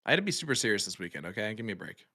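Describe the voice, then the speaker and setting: Bright-voiced male darts commentator. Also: lowish voice, sing-song, rapid-fire. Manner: joking, banters with co-host. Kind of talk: live sports commentary.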